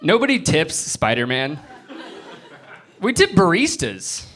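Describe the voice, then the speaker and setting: A young Floridian performs stand-up on a comedy club stage in front of a live audience, acting out people in quick bits. He's animated and jumps into high-pitched voices for the characters, with audience laughter in the background.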